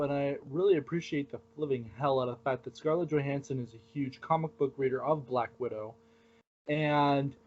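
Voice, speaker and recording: A man hosting a casual podcast chat, joking and voicing strong opinions. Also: medium pitch. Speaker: podcast host. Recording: dull lo-fi podcast audio.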